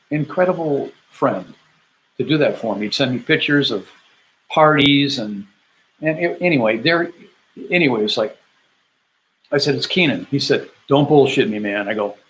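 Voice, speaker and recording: An older man from Michigan, a military veteran, telling a personal story in an animated way and acting out the people in it. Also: mid-range voice, low-quality recording. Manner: animated, acts out the voices of people in his story.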